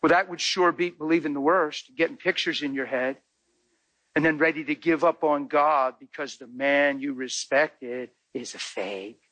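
Emotional, husky-voiced male pastor. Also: on the high side, moderate pace, no room sound, poor audio. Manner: emotional, conversational, dramatic shifts between hushed and loud. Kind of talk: storytelling sermon.

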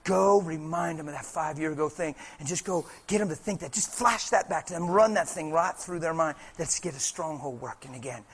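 A man voicing Satan as he plots and gives orders to a demon, in a low, hushed, conspiratorial tone. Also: a little fast, hardly any pauses, husky. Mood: scheming. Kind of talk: sermon role-play.

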